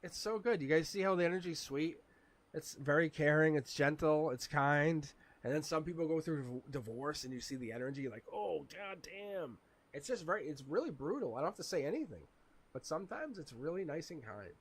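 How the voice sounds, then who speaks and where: Raspy man, tarot reader on a live stream; animated, chatty, laughs often. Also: a little high, brisk.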